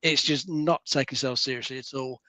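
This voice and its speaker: A man's voice: mid-range voice, fairly even intonation, fairly quick, sharp tone, dry recording. A man co-hosting a casual gaming chat, describing a game in an easygoing way with lots of fillers. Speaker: co-host.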